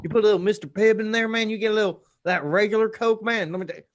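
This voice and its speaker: A man's voice: high-pitched, highs cut off, pitched above the performer's own voice, close to an everyday voice. A man putting on a dopey bumpkin who rambles about soda, ending every phrase with "man". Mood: rambling. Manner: drawn-out, tacks "man" onto every phrase. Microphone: video call.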